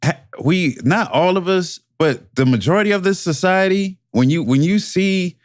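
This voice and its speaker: A man co-hosting a casual podcast chat on a headset mic, talking in slow, repetitive phrases with many restarts. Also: high-pitched, lively intonation, no echo, studio quality. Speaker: podcast co-host. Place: home podcast setup, webcam. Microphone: headset microphone.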